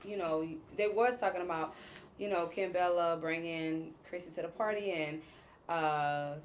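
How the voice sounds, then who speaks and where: A woman's voice: fairly low pitch, fairly even intonation, unhurried, slight background noise. A woman hosting a casual recap of a reality show, retelling scenes in a chatty, gossipy way with plenty of fillers. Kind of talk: casual episode recap commentary.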